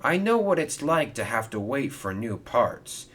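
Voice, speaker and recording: A man's voice: mid-range voice, sing-song, measured pace, fairly bright tone, pitched above the performer's own voice. A man voicing a kind, helpful male steam engine who speaks earnestly and reassuringly.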